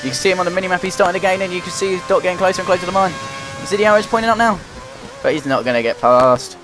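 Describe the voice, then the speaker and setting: Young man giving excited racing game commentary. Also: high-pitched, racing. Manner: excitable, running play-by-play. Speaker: gaming commentator. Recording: loud game music behind the voice. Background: game music and engine noise.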